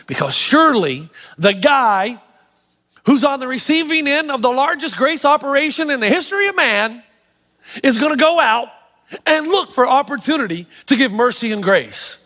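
A male pastor preaching with animated, emphatic storytelling. His voice is notably high for a man. It carries a long reverb from a church hall. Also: moderate pace. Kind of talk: sermon.

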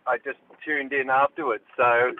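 A man's voice: medium pitch, fairly even intonation, normal speed. A man calling in to a radio show and telling a rambling story in a laid-back way. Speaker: caller. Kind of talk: phoned-in anecdote. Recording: tinny phone line.

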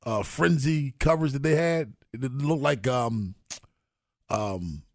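A man's voice: medium pitch, takes it slowly, no room sound, studio quality. A man co-hosting a sports radio show, talking casually and laughing often as he rambles.

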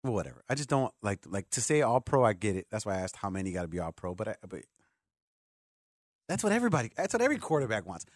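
A man hosting a sports talk radio show, animated and joking, often jumping in over the others. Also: on the low side, fast talker, no room sound, studio quality.

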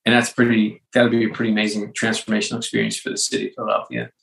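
Man, gravelly, interview guest, animated storyteller, casual, many false starts. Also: lowish voice, rapid-fire, slight background noise, rough recording. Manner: animated storyteller with frequent restarts and fillers. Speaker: interview guest, sports executive and author.

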